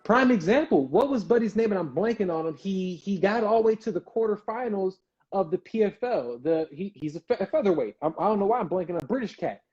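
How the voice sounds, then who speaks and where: A man's voice: high-pitched, expressive, fast, darkish tone, highs cut off. A man hosting a casual live-stream interview, talking loosely with slang and repeated words. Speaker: interview host. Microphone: video call.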